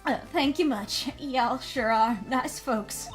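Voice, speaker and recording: A woman's voice: sits high, slow pace, faint music behind. A woman voicing a panicky, naive country bumpkin man in an imitation Southern American accent, pleading in a folksy way. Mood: grateful.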